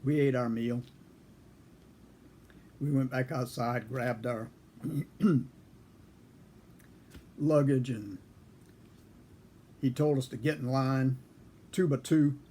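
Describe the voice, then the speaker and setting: A man in his seventies casually telling a story from his service days, unhurried and chuckling now and then. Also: medium pitch, steady tone, warm tone, a little hiss or hum. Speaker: storyteller recalling military service.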